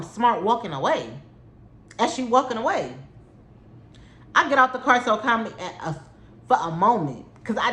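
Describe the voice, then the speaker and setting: Young woman, casual storytime rant, indignant, lively swooping pitch, fairly high voice, echoey room. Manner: animated, indignant, exasperated, frequent "like". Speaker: vlogger telling a story.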